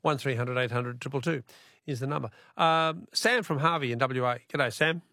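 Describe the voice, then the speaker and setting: A man's voice: medium pitch, normal speed, bright, forceful tone, dry recording, clean studio sound. An Australian man hosting a radio talkback quiz in a chatty, friendly way, with frequent fillers.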